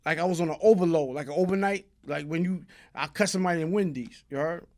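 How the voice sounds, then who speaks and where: High-voiced New man telling street stories. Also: fast talker. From New York. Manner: animated street slang, bursts into loud shouting. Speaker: guest. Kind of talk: casual storytelling in an interview.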